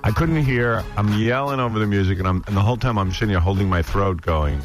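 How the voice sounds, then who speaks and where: A man hosting a radio show, chatting casually in the studio and acting out shouted conversations at a noisy party. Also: lowish voice, quick pace. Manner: mimics shouted party chatter, cupping ear. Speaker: radio host. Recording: music playing loudly behind.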